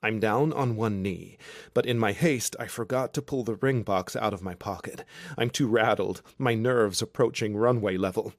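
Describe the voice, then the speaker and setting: A man narrating a romance audiobook in the first person, wry and expressive. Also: on the low side, normal speed, dry recording, studio quality. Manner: wry, expressive, self-deprecating.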